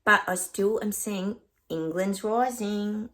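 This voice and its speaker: Aussie psychic lady chatting to camera, kinda low voice, rambly and laughy. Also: animated, normal speed. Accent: Australian. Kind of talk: casual chat to camera.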